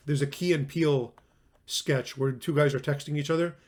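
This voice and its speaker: A man's voice: fairly high pitch, steady tone, moderate pace, a little mellow. A man giving a recorded classroom lecture on logic, talking in a conversational way, stressing words for emphasis and often restarting his sentences.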